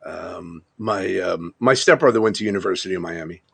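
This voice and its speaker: Husky New York man in his fifties. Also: deep voice, brisk. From Long Island, New York. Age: 50s. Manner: rambling, chuckles often. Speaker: livestream host. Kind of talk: casual live chat. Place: home room, video call.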